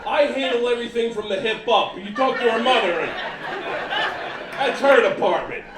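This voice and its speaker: A man's voice: extremely high pitch, normal speed, a crowd in the background, background noise. A middle-aged man doing a stand-up comedy set, punchy and exaggerated, putting on voices for his family. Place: comedy club stage with live audience. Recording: roomy club sound from a distance, audience laughter.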